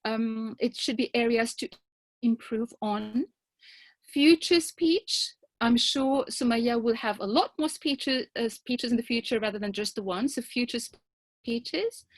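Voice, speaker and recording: A woman giving a grammarian's report at a club meeting, speaking carefully and deliberately as she spells out tricky words. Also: a little high, dry recording, rough recording.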